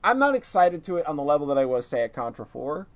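A man co-hosting a casual gaming podcast, excitable and full of swearing. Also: fairly high pitch, quick pace. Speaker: podcast co-host.

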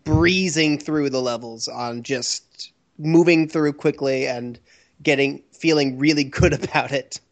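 A man co-hosting a casual game review chat, speaking in a measured, thoughtful way. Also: medium pitch. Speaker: podcast co-host.

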